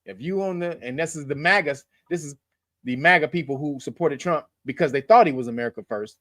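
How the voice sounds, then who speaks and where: A man's voice: a little high, a little fast, fairly bright tone, no echo, studio quality. A man hosting his own channel, giving casual political commentary in a loose, profane, joking way and laughing at his own lines. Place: lives in California.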